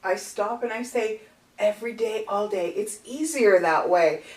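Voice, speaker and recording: A woman's voice: mid-range voice, measured pace. Playful woman guest, echoey distant sound. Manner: playful, animated storyteller. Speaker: guest, brand ambassador. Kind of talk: casual podcast conversation. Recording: echoey room, distant mic.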